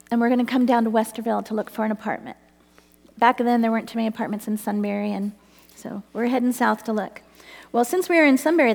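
A woman's voice: fairly high pitch, a little mellow. Earnest woman storyteller in a reverberant space. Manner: earnest, breaks into laughter as the story builds. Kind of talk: personal faith storytelling.

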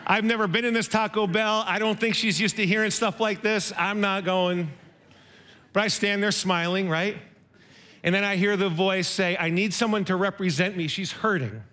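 A man's voice: sits high, steady tone, moderate pace, bright, forceful tone. A middle-aged man preaching a sermon, telling a personal story in a conversational, self-deprecating way with quoted dialogue.

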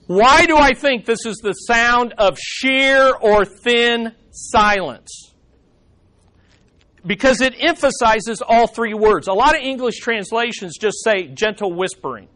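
A man's voice: sits high, fairly bright tone. A man teaching a Bible study lesson in a conversational way, with dry humorous asides and frequent restarts.

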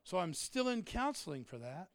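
A middle-aged man preaching a humorous sermon, animated and joking, swinging from shouts to quiet asides. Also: sits high, moderate pace. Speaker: pastor.

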